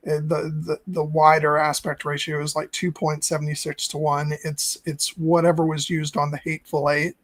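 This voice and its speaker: A man's voice: a little high, flat delivery, moderate pace, few pauses, no room sound. A man hosting a casual film discussion podcast, enthusiastic, stumbling over restarts and swearing as he gushes. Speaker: podcast host.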